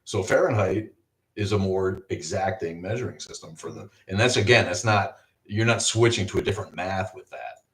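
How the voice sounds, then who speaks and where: A man co-hosting a casual livestream chat, animated, joking and swearing freely. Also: sits low, moderate pace, roomy sound, recorded from a distance. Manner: animated, profane, jokey. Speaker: podcast co-host. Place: garage.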